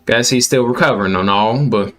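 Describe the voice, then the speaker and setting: A man's voice: mid-range voice, a little fast, a bit bright, faint music behind, close to an everyday voice. A man voicing a hospitable old country father in a put-on Southern US drawl, folksy and drawling.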